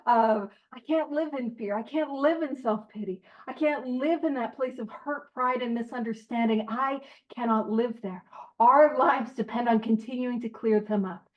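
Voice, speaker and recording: High-voiced woman leading a recovery study. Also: moderate pace, lo-fi sound. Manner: chatty, joking, reads passages aloud. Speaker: big book study leader. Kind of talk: casual recovery study talk.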